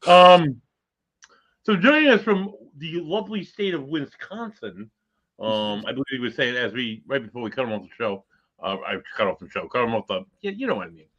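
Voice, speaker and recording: A man's voice: mid-range voice, animated, fairly quick, a bit bright, lo-fi sound. A man hosting a casual chat, rambling and correcting himself as he introduces a guest. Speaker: host.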